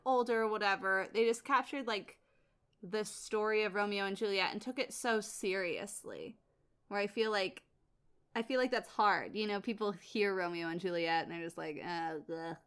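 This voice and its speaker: A woman co-hosting a podcast, chatting casually about a play and acting out the characters in quick, animated asides. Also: medium pitch, clear, resonant tone. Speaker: podcast co-host. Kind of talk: casual theater discussion.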